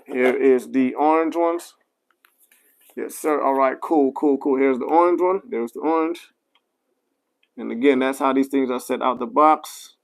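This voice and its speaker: A barber reviewing clippers chats casually on a live stream, speaking straight to his viewers with many apologetic asides and fillers. His voice is gravelly and medium-pitched at a measured pace, captured on a rough recording.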